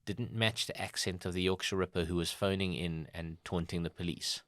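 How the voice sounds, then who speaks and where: A man from South Africa co-hosting a comedy podcast, chatty and quick to laugh. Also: deep voice, steady tone, fairly bright tone, dry recording, studio quality. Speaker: podcast co-host. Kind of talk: casual comedy chat.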